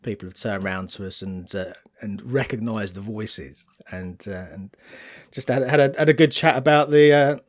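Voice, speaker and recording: A man's voice: lowish voice, normal speed, few pauses. A man co-hosting a casual podcast, friendly and a little hesitant, full of small fillers as he talks. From United Kingdom. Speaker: podcast co-host.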